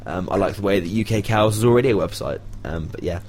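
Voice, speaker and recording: A man with a fairly low, fast voice and a darkish tone hosts a casual student radio show. He's chatty, laughs often, and keeps drifting into rambling asides.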